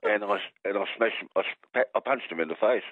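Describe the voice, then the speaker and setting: A man's voice: fairly low pitch, fast, no echo. An Australian man calling in to a radio show, rambling and joking, tripping over his words. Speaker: caller. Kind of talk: rambling talkback phone call. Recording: tinny phone line.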